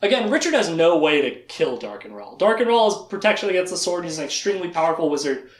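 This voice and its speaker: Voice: mid-range voice, sing-song, fast, echoey room. A podcast host giving a casual, chatty recap of a fantasy novel with laughing asides.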